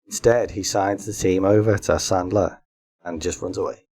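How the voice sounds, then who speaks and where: A man co-hosting a casual podcast, his voice sitting fairly low. He reads out daft comedy pitches and keeps breaking into laughter. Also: fairly even intonation, normal speed, warm tone. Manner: pitches silly comedy film ideas, laughs often. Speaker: podcast co-host. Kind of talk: casual chat.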